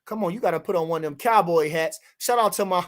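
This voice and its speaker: Loud brash dude w/ aave reading chat, cussing, repeats himself a lot. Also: male voice, high-pitched, fast talker. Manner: animated, brash, profane, repeats himself for emphasis. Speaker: boxing commentator reading live chat. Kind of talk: casual livestream chat.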